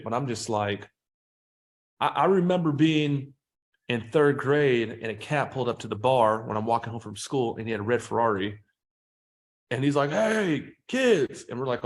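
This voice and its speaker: Sales-trainer guest, male, mid-pitched, swearing freely, animated storyteller. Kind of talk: casual interview talk.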